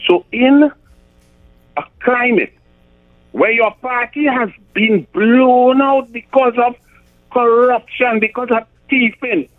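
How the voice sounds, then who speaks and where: Middle-aged trini guy ranting on talk radio, high voice, sounds like a phone line. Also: takes it slowly. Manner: emphatic, repetitive, stumbles on numbers. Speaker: radio talk show host. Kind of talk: political commentary on talk radio.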